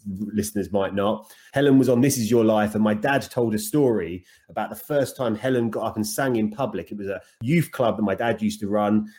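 A man from England, a podcast co-host telling a story in a deliberate, casual way. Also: lowish voice, warm tone. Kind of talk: casual chat.

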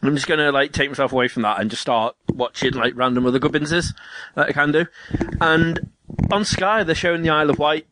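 Against a noisy background, this man speaks briskly in a voice on the high side. Cursing liberally, he spins a casual home-repair tale and mimics the people involved with lively quoted voices.

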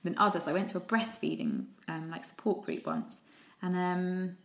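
A woman's voice: fairly low pitch, normal speed, creaky. A woman, a parenting blogger chatting casually and acting out stories with quoted voices. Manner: animated storyteller, acts out quotes, laughs often. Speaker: podcast host, parenting blogger. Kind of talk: casual chat. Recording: roomy echo.

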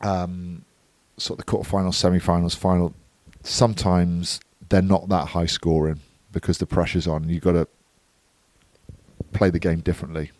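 A man's voice: low-pitched, little pitch movement, normal speed, a little mellow, dry recording. A man co-hosting a podcast, giving a matter-of-fact, analytical match recap in casual chat. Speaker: podcast co-host.

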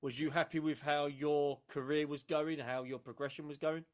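A podcast host interviewing a former footballer. His voice sits somewhat higher than most men's, and he builds long, layered questions. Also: little pitch movement, moderate pace. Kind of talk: casual interview.

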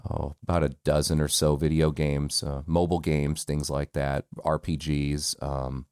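An American man, a voice actor, explaining his work in a relaxed interview with many fillers. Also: a bass voice, normal speed, smooth, no echo, clean studio sound. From United States. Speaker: voice actor guest. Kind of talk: casual interview talk.

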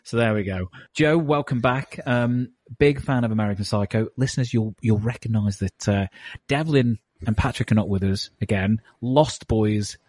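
A man's voice: on the low side, normal speed, darkish tone, no room sound. A man from Glasgow, hosting a movie podcast in a chatty, wry way. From Glasgow, Scotland. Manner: chatty, wry, with many fillers. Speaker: podcast host. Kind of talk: casual podcast chat.

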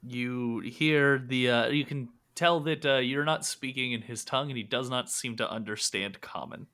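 Bright-voiced man running a tabletop game. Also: mid-range voice, moderate pace. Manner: casual, hesitant with fillers. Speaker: game master.

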